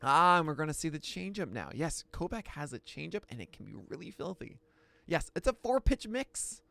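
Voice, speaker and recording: A man hosting a pitching analysis, talking through each pitch with excitable outbursts. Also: normal speed, gravelly. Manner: excitable, bursts into shouts and laughs. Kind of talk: excited play-by-play pitch breakdown.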